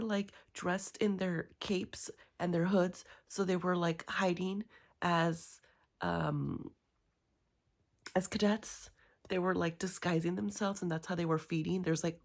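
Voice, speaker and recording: A woman chatting casually in a reading vlog, rambling and excitable with many fillers. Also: on the low side, vocal fry. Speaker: book vlogger.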